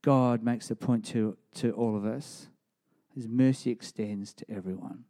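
A man's voice: medium pitch, unhurried. Emphatic male preacher. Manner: emphatic, rising to animated storytelling. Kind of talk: sermon.

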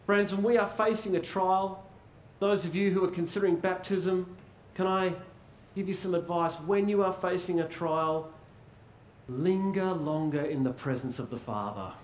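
A man preaching a sermon in a conversational way, asking rhetorical questions and pausing for effect. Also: sits high. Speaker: pastor. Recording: roomy echo.

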